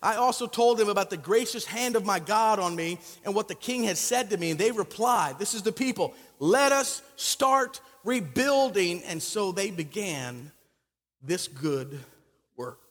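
A man preaching a sermon, telling the story in an animated way and building up emphasis. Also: sits high, moderate pace. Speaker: pastor. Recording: long reverb of a large hall.

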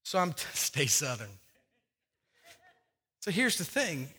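A man preaching a sermon as pastor, repeating his key phrases and swinging between loud urging and quiet appeals. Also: fairly high pitch, big pitch swings, slow pace, slightly rough, long reverb tail. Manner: preaching with rising and falling intensity, repeating phrases. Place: church sanctuary.

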